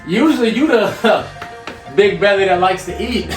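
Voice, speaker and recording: High-voiced energetic motivational speaker man. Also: takes it slowly. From York, Pennsylvania. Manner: energetic and preachy, with teasing banter. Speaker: motivational speaker and show host. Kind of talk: casual motivational talk while cooking. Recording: echoey room, mic at a distance, music underneath.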